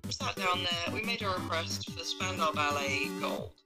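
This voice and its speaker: A woman's voice: on the low side, moderate pace, loud music behind the voice. A woman telling a rambling, sweary story over speakerphone. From Britain. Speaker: caller.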